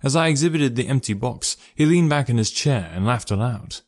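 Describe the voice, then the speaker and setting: A man narrating an audiobook in a steady, measured reading voice. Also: medium pitch.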